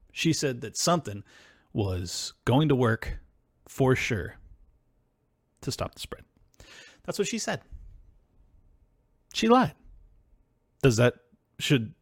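A man hosting a solo political podcast, ranting in a heated, profane, combative way that breaks into yelling. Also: medium pitch, no echo, studio quality. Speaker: podcast host.

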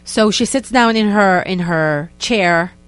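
A young woman, a guest telling a story in a lively, casual way and acting out what people said. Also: mid-range voice, takes it slowly, clean tone. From Israel. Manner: animated, acts out quotes in other voices, many "like" fillers.

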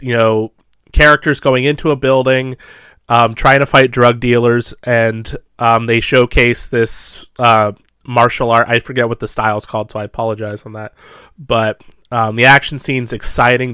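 A man's voice: mid-range voice, a bit bright, clear, resonant tone, dry recording, clean studio sound. A young man co-hosting a podcast, chatting casually about movies with lots of fillers and asides. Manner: chatty, rambling movie talk with frequent fillers. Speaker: podcast co-host.

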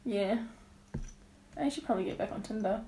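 A woman's voice: medium pitch, a little fast, warm tone, roomy sound, a little hiss or hum. A woman co-hosting a podcast with friends, playful and jokey as she reads out credits. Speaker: podcast co-host. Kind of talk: casual group chat.

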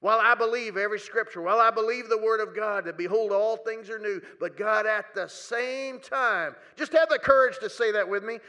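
A man preaching a sermon to a congregation in a church hall, dropping to hushed near-whispers and rising to loud, pleading cries, often stretching his words slowly. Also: high-pitched. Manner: slow, drawn-out phrasing.

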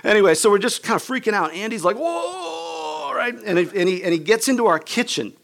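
A man's voice: high voice, fast talker, a bit bright. A man preaching a sermon, telling a personal story in a casual, conversational way and acting out the people in it. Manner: conversational, many "like" and "right?" asides. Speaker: pastor.

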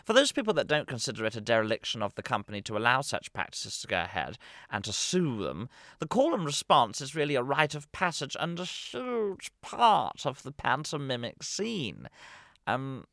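A man's voice: medium pitch, big pitch swings, moderate pace, fairly bright tone, no echo. A man hosting a comedy podcast, giving a scripted monologue in a dry, mock-serious voice with asides. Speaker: podcast host.

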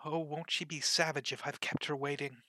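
A man voicing a hurried, anxious male rabbit who mutters to himself in a panic. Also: fairly high pitch, steady tone, bright, forceful tone, no room sound. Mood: panicked.

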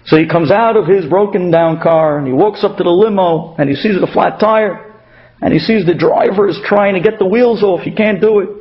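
A man giving a storytelling sermon, acting out the dialogue of the people in his stories. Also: fairly high pitch. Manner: animated, acts out dialogue in stories. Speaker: speaker giving a Torah talk. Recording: dull lo-fi radio recording.

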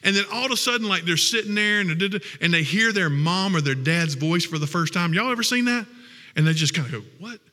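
Folksy preacher with a bright voice. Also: male voice, sits high, expressive, fairly quick, in a large hall. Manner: folksy, emotional, conversational. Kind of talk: sermon.

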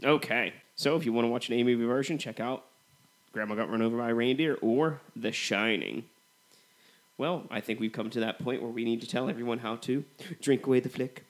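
A man's voice: medium pitch, fairly quick. Male podcast co-host, mid voice, casual and chatty, heavy on fillers. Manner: relaxed, filler-heavy comparisons with "you know". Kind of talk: casual movie review chat.

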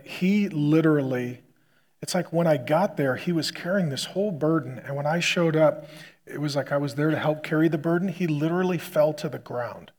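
A male pastor preaching, retelling a hospital story with loud punchy bursts that drop to a quiet hush. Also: fairly high pitch. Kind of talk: sermon storytelling.

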